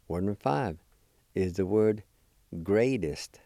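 A man teaching a language lesson, spelling and pronouncing words syllable by syllable in a deliberate, patient way. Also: fairly low pitch, animated, vocal fry, warm tone, no echo.

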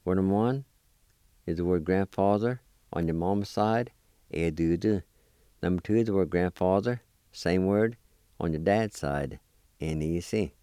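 A man teaching vocabulary, patiently spelling each word letter by letter and repeating it slowly. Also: low voice, warm tone, clear, resonant tone, no echo, studio quality. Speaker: language teacher. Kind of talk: slow spelling and pronunciation lesson.

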